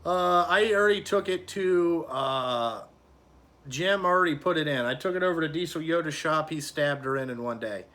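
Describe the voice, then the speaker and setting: A man's voice: fairly high pitch, moderate pace, bright, forceful tone. A middle-aged man who runs a trucking company, ranting bluntly and profanely about his drivers in a casual vlog.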